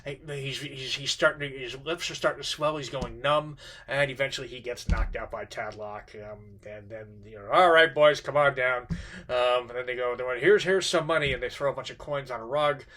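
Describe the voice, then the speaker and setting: Male teacher, middle-aged, bright tense tone; loose spoken lecture, stops and restarts often. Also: mid-range voice, fairly even intonation. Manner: halting, many fillers and restarts. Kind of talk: informal literature lecture.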